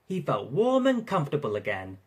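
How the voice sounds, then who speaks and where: A narrator reading a railway storybook aloud in an expressive, lively way. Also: mid-range voice, fairly quick, slightly rough.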